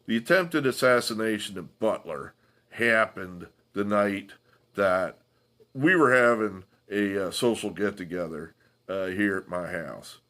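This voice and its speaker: A man hosting a solo political commentary, talking from home in a halting way with sighs and restarts. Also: fairly low pitch, fairly bright tone.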